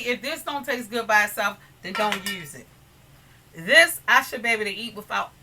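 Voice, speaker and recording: A woman's voice: mid-range voice, background noise. A woman hosting a casual cooking tutorial in her home kitchen, chatty and homey, often calling viewers "you guys", with pots and dishes clinking behind her. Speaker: cooking channel host. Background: pots, pans and dishes clinking.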